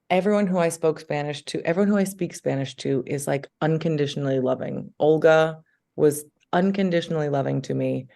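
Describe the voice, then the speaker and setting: Female actress guest, mellow gravelly tone, enthusiastic and rambling chat. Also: low voice. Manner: enthusiastic, chatty, many filler words. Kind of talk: casual interview chat.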